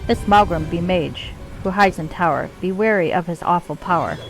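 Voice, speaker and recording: A crazed male cultist from a fantasy game rattles off his answers in sing-song couplets, his grammar broken like a simple goblin's, as a woman puts on his voice. The delivery sits low and drawn out, and faint music plays underneath. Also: normal speed, lightly acted, rough recording. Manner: speaks in singsong rhymes with broken grammar.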